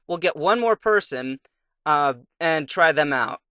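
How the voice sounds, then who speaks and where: A man's voice: on the high side, lively intonation, normal speed, bright, forceful tone, no room sound. A young man casually commenting on his gameplay, rambling through a fairy tale between moves and muttering to himself. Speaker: let's play commentator.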